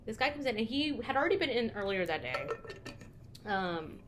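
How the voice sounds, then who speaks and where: A woman's voice: on the high side, big pitch swings, moderate pace, noisy background. A young woman co-hosting a podcast, telling candid stories in casual chat and swearing freely. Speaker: podcast co-host.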